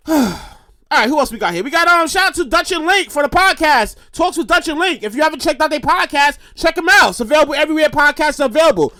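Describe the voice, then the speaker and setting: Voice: sits high, expressive, brisk, sharp tone, no room sound, studio quality. A podcast host in their thirties, rambling through a casual, profane monologue and repeating phrases for emphasis. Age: 30s.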